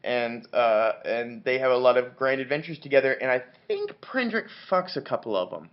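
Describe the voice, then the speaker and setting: Tipsy on wine, a book reviewer gives a rambling, comic retelling of a novel, cursing often and stumbling through restarts and fillers. His middle-pitched voice has a sing-song lilt at a moderate pace. The audio is dull and lo-fi.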